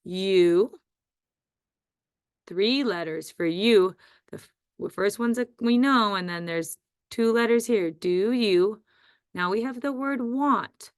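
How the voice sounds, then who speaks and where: Slow, clear-voiced woman teacher. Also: mid-range voice, no echo, studio quality. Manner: slow, deliberate, stretches out words and sounds. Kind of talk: phonics dictation lesson.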